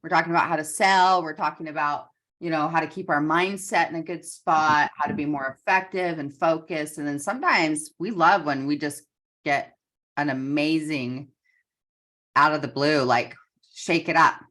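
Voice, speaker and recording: Woman coach, low voice, animated chatty storyteller. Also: normal speed. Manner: animated storyteller, acts out quotes. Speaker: business coach. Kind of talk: casual coaching call chat.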